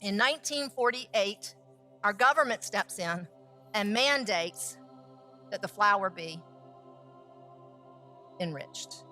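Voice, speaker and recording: A woman, a food scientist and baker, telling a lively story and acting out the voices of the people in it. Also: mid-range voice, slow pace, faint music behind. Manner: lively, acts out quoted dialogue. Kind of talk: storytelling talk.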